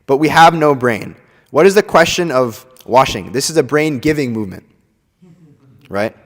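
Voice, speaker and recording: A man's voice: expressive, moderate pace, a bit bright. Young man preaching in a reverberant hall. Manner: earnest preaching, often ends points with "right?"; acts out quoted voices with big pitch swings. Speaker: speaker giving a scripture class. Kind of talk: scripture class lecture. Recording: long reverb from a large hall.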